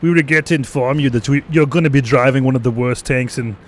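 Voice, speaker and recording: A man's voice: medium pitch, quick pace, pitched above the performer's own voice, close to an everyday voice. A man voicing a stiff military officer who delivers bad news in a mock-formal tone and a put-on foreign accent. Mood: mock solemn.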